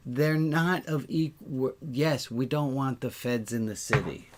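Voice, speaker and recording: A rabbi talks casually on a livestream in a medium-pitched, slightly slow voice, with background noise behind him. Earnest and emotional, he thinks aloud while pointing out places on a map, sometimes swearing.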